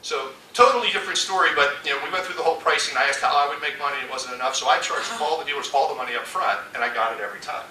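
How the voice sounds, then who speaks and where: Animated man telling stories on stage. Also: a little high, racing, hardly any pauses, slight background noise. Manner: animated, acts out quoted voices. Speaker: conference speaker. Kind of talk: storytelling keynote talk. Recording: echoey hall from far off.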